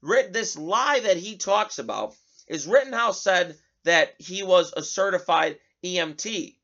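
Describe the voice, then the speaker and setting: A man's voice: high-pitched, animated, measured pace, a bit bright. A man hosting his own show, reading news stories aloud and breaking off into opinionated, sarcastic asides. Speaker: host. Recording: dull lo-fi recording.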